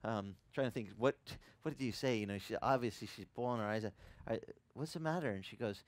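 A man preaching a sermon as a pastor, telling a personal story conversationally and growing louder and higher when impassioned. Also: a little fast, no echo. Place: church ministry in Hawaii.

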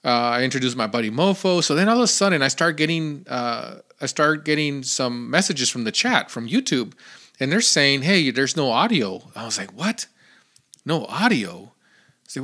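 A man hosting his own podcast, telling a story in a chatty, animated way with lots of fillers. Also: medium pitch, a little fast. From Phoenix, Arizona area. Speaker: podcast host. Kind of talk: casual solo podcast storytelling.

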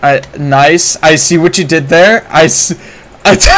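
Streaming a game, this man gives excitable live commentary, cursing and shouting without warning. His voice is on the high side, and there's background noise.

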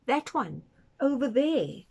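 A woman's voice: high voice, big pitch swings, slow, gravelly, a little mellow, slightly rough, voice pushed up, exaggerated voice. A woman voicing a determined grown man in a storybook who insists on buying an elephant, eager and insistent.

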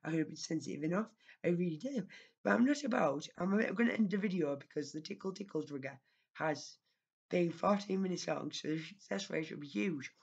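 A woman's voice: lowish voice, brisk, vocal fry, a little mellow, husky, muffled recording. A woman YouTuber talking straight to camera in a rambling, scolding vlog rant, recorded at home on her own microphone.

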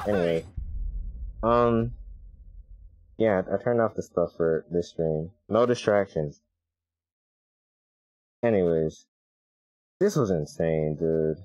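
A man streaming his live reaction to a game event, chatty and excitable and laughing often. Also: fairly low pitch, rough recording.

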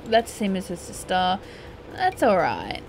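A woman's voice: medium pitch, huge pitch swings, unhurried, slight background noise. A young woman, chatting casually as she plays a life-simulation game and playfully scolding her characters. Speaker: gaming YouTuber. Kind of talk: casual gameplay commentary.

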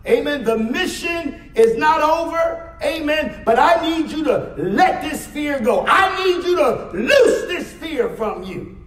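A man delivers a sermon with a strikingly high voice, drawing his words out slowly and breaking into emphatic bursts. His voice rings through a roomy church sanctuary, picked up from a distance. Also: lively intonation, fairly bright tone, slight background noise. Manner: preaching with frequent "Amen?" call-outs, emphatic rises. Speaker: pastor. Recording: echoey church hall, mic at a distance.

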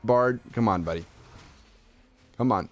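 A young man streaming live gameplay commentary, excitable, swinging from low mutters to shouts. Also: measured pace.

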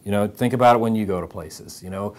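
A man's voice: fairly low pitch, quick pace, a little mellow. Emphatic male podcast host. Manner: emphatic, direct, repeats phrases for emphasis. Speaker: podcast host and service advisor trainer. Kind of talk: motivational podcast talk.

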